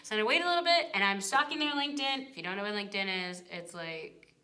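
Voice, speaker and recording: A woman's voice: mid-range voice, animated, fast talker, sharp tone, slight background noise. A young woman in her twenties on a youth ministry staff, telling a casual personal testimony in a chatty way with many fillers. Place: recorded alone to a camera.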